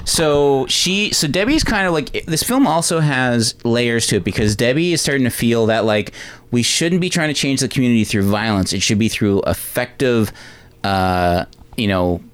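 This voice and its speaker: Brief: smooth-voiced male podcast host, loose rambling recap style. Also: mid-range voice, expressive, normal speed. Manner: rambling, lots of "like" and "um". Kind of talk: casual movie-recap chat.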